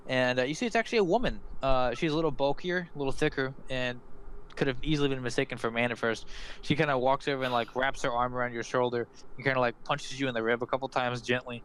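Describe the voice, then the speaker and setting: A man's voice: medium pitch, fast talker, a bit bright, slight background noise, poor audio. A man narrating as game master in a tabletop game, describing scenes loosely with many fillers.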